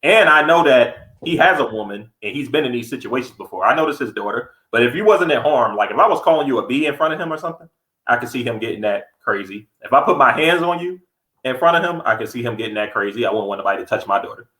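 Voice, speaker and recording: A man co-hosting a podcast in casual chat, blunt and animated, acting out heated quotes. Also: medium pitch, fast talker, reverberant, low-quality recording. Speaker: podcast co-host.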